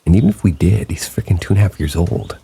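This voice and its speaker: A man with a very deep, gravelly voice reads true ghost encounters submitted by listeners, speaking slowly and quietly like a late-night host. His delivery is dark and husky, scripted narration with steady rain falling behind him.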